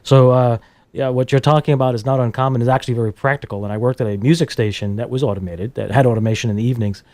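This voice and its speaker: A man hosts a talk interview at a brisk pace, rattling off anecdotes and questions with quick restarts. His voice is mid-pitched. The sound is dry and close, with little room echo. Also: steady tone, darkish tone. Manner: quick, conversational, with frequent restarts. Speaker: host. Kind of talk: casual interview chat.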